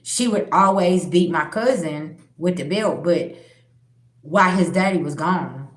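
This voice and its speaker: A woman's voice: on the low side, measured pace. A woman hosting her spiritual channel, telling personal stories bluntly and with plenty of profanity, speaking straight to her viewers. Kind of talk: candid personal storytelling. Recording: roomy echo.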